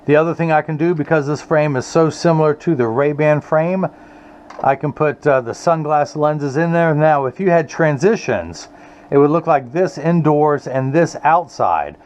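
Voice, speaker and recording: A man's voice: fairly high pitch, moderate pace, darkish tone. Earnest man talking in his eyewear shop. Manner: earnest, rambling, sentimental. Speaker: optician and eyewear maker. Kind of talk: casual talk to camera while making glasses. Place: eyewear workshop. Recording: slightly dull audio with faint room noise.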